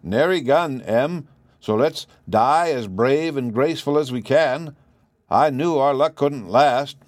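Guy voicing a husky plain old country husband, folksy and nervous, dry close mic. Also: mid-range voice, slow, no room sound, voice pushed up, natural voice. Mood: scared.

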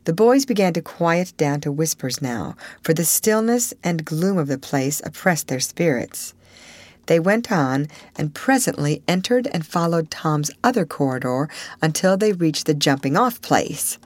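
A woman narrating a classic novel aloud in a measured, expressive storytelling manner. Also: sits low, no echo. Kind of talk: audiobook reading of a classic novel.

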